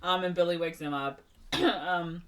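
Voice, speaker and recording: A woman's voice: lowish voice, unhurried, far from the mic. A woman podcast co-host casually retelling a film's plot, rambling with lots of "like" and "um" fillers. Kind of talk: casual movie recap.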